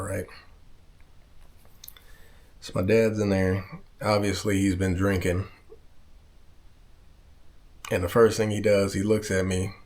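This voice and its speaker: A man from Southern California telling a personal story in a casual vlog, rambling, swearing and backtracking as he goes. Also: fairly low pitch. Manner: rambling, profane, backtracks often. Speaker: vlogger.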